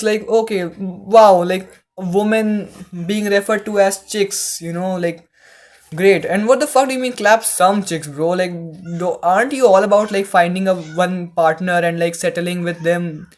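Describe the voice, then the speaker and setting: A host giving casual reaction commentary, exasperated, swearing often and filling every pause with "like". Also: medium pitch. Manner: exasperated, swearing, heavy use of "like".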